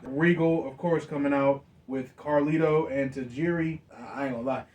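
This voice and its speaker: A man co-hosting a casual chat, reacting eagerly with quick affirmations. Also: medium pitch, steady tone, darkish tone, distant mic, highs cut off. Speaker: co-host.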